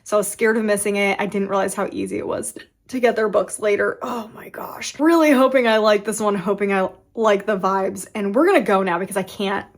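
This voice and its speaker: A woman in her thirties talks through her reading in a loose, rambling vlog style. She keeps restarting her sentences mid-thought and has hiccups. Her voice sits at an ordinary pitch. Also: a little fast. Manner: rambling, self-interrupting, with frequent restarts. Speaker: book vlogger. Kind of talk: casual chatty vlog.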